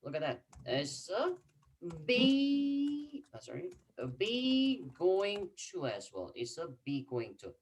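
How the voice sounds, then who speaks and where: A male teacher whose first language is Korean explains in a bouncy, lively voice over a video call. He repeats himself often and drops quiet "mm-hmm"s between his points. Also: high voice, breathy edge. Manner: repeats key phrases, fills pauses with mm-hmm. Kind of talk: online class explanation.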